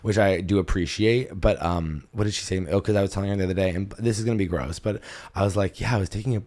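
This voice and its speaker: A man hosting a comedy podcast, talking in a casual, animated monologue, laughing often, swearing and swinging between loud and soft. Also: lowish voice, fairly quick. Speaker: podcast host, stand-up comedian.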